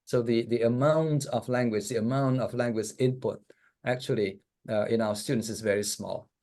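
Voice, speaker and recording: A man speaking as guest on language teaching in a casual online discussion, relaxed and thinking aloud with many fillers. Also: mid-range voice, moderate pace, a little hiss or hum. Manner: relaxed, frequent "yeah" and "you know", thinks aloud.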